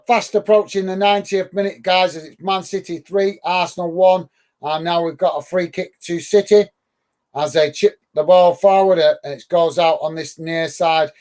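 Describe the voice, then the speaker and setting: A man with a high voice hosts a live football watch-along from the UK. He talks through the play and chats with viewers, calling them mate. His speech is full of uh and um. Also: darkish tone. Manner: friendly, many "uh" fillers, calls viewers "mate". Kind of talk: live match commentary and chat reading.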